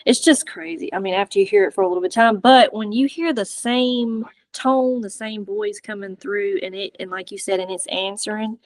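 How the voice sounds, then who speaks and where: A woman guest chatting casually about a paranormal investigation, excitable, laughing often and trailing off mid-sentence. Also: mid-range voice, normal speed, hardly any pauses, no room sound. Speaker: guest, fellow paranormal channel creator. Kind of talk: casual chat.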